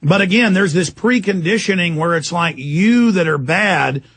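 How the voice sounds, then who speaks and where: A man's voice: high voice, expressive, normal speed. A man hosting talk radio, delivering an insistent, escalating monologue. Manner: fervent, insistent, escalating into shouting. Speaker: radio talk show host.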